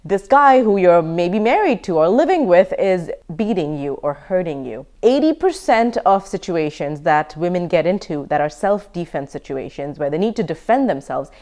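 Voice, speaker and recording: A woman in her thirties teaching self-defense in an emphatic, energetic lecture style. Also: on the low side, normal speed, hardly any pauses. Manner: emphatic, energetic, laughs now and then. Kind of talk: online course lecture.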